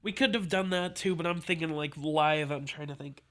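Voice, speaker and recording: Casual podcast host, man, slightly high voice, reads listings aloud and trails off. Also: moderate pace, a bit bright. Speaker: podcast host browsing the dark web. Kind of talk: casual chat.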